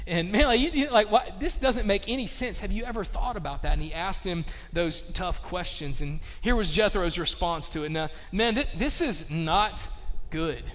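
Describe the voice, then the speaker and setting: A man with a high-pitched voice preaches an informal sermon, firing off rhetorical questions and loose filler words. His voice rings out with a long reverb tail, as if it were recorded in a large hall. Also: animated, normal speed, fairly bright tone. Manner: casual, rhetorical questions, frequent "like". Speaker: pastor. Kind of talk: conversational sermon.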